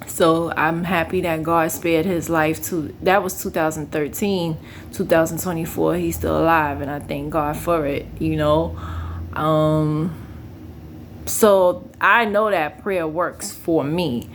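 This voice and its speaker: Brief: young woman vlogger, lowish voice, earnest direct-to-camera chat, faint room ambience. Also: measured pace, a little hiss or hum. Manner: earnest, conversational, addresses viewers directly. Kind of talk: casual personal talk to camera.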